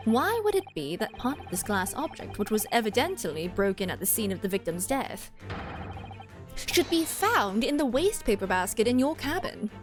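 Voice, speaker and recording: A woman voicing a composed young male defense lawyer in a game, with a measured, deliberate accusing tone. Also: a little high, very animated, faint music behind. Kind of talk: voicing a game character on stream.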